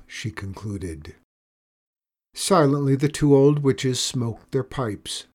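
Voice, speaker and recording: A man narrating a children's storybook aloud in a slow, expressive way. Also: mid-range voice, breathy edge. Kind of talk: storybook reading.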